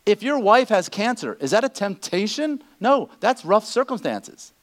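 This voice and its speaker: A man preaching a sermon, animated, acting out the people he quotes. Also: high voice, moderate pace. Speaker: pastor.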